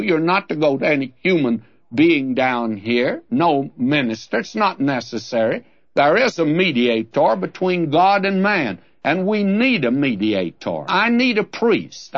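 A man's voice: a little high, dull audio. A man teaching through a Bible passage in an earnest, conversational preaching manner, speaking straight to the listener.

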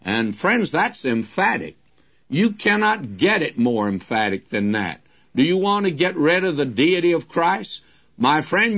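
Male radio Bible teacher, slightly high voice, very slow and emphatic delivery, talks to listeners as friends. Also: a bit bright, muffled recording.

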